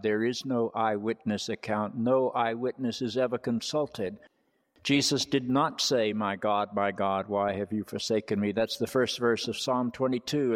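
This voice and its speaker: A man of the cloth delivers a public talk with forceful emphasis, stacking phrases one after another for rhetorical weight. His voice sits at an ordinary male pitch. The sound carries a long reverberant tail from a large hall. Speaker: clergyman speaking to an audience. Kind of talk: public talk answering audience questions.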